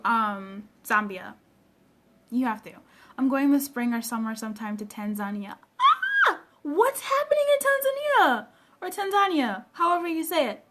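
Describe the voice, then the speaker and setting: High-pitched young woman livestreaming, bubbly and gushy, shouting hi to viewers. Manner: bubbly, gushing greetings with big pitch jumps. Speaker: personal development coach livestreaming. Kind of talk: casual livestream chat, greeting viewers.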